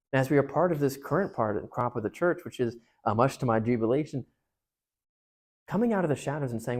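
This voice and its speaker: Animated young man giving a church talk. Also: medium pitch. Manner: emphatic, joking, swings between loud and hushed. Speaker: parish speaker. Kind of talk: youth talk.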